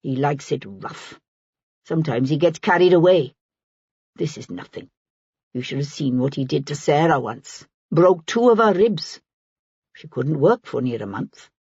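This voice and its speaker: A woman's voice: deep voice, expressive, a little slow, a little mellow, breathy edge, no room sound, dull audio, full character voice. A woman putting on a wary Jamaican street woman. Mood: guarded. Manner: contemptuous, guarded.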